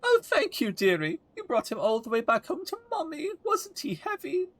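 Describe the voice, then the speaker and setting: A man's voice: extremely high pitch, huge pitch swings, moderate pace, fairly bright tone, voice pushed up, heavily acted. A man voicing a doting elderly woman who fusses over her cat in a sweet, cooing way.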